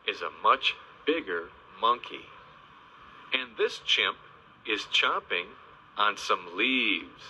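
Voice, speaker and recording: A man narrating a children's video in a slow, sing-song teaching voice, stressing each animal name with gentle, exaggerated emphasis. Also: on the low side, lively intonation, a little hiss or hum. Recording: dull, lo-fi old video soundtrack.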